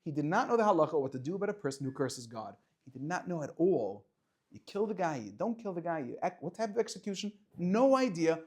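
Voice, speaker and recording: A man teaching a lively Torah class to students, firing rhetorical questions and dropping to quiet explanation. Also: fairly high pitch, fast, breathy edge. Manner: animated, swings between loud questions and quiet explaining, chats with students.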